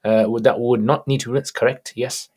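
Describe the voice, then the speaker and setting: A man answering religious questions on a livestream, reading each viewer question aloud and replying in a casual, relaxed way. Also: mid-range voice, fairly quick, slightly rough.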